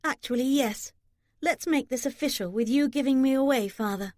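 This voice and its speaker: A woman reading an audiobook, voicing a young bride who talks in a lively, teasing way. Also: fairly high pitch, moderate pace, no room sound, clean studio sound, lightly acted. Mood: bright.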